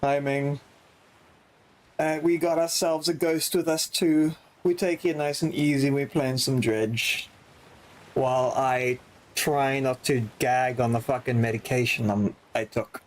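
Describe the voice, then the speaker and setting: A man's voice: medium pitch, steady tone, unhurried, low-quality recording. A man streaming a video game and chatting casually with friends, joking and swearing as he plays. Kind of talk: casual gaming stream chat.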